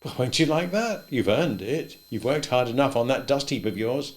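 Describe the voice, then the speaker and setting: A man's voice: medium pitch, animated, moderate pace, pitched above the performer's own voice, natural voice. A man voicing an eager, earnest grown male landowner who pleads with a raised, hopeful voice. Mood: pleading.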